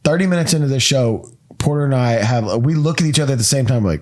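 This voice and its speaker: A man in his thirties hosting a podcast, telling a story in casual chat with swearing and quick asides. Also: medium pitch, lively intonation, a little mellow. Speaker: podcast host.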